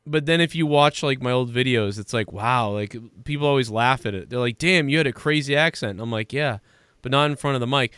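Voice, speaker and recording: A man's voice: medium pitch, a little fast, fairly bright tone, clean tone, dry recording, clean studio sound. A man hosting a casual live stream chat, laid-back and jokey. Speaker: host.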